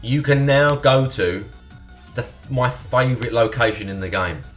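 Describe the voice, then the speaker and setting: A young man from Essex chats to his stream in a broad estuary accent, loose and sweary, laughing easily and calling out followers by name. His voice sits at an ordinary middle pitch. Soft music plays faintly underneath. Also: a little slow. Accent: Essex estuary English. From Essex, England. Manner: chatty and swearing, thanking followers, laughs often. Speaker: livestream host. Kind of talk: casual live-stream chat with viewers.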